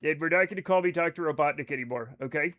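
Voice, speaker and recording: Excitable high-voiced man, swearing freely. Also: fast talker, muffled recording. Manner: excitable, swears a lot, rambling asides. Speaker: livestreamer playing a space game. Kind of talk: casual chat with stream viewers. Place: home at night.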